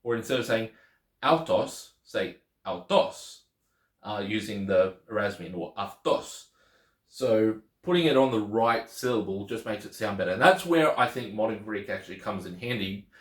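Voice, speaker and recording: A man explaining a language lesson as a teacher, relaxed and conversational, often restarting his sentences. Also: fairly low pitch, brisk, hardly any pauses, roomy sound. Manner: relaxed, repeats words and restarts while explaining. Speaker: Greek teacher.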